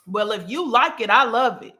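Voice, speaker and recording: A woman's voice: fairly high pitch, moderate pace, bright, forceful tone. A woman voicing a snide, passive-aggressive female acquaintance who makes sing-song sarcastic digs. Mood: mocking.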